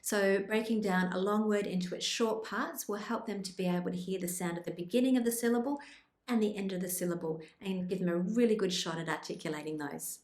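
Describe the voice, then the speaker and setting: Calm woman explaining, echoey room. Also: mid-range voice, a little fast. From Australia. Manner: calm, clear explanatory delivery. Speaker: speech pathologist. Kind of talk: instructional video presenting.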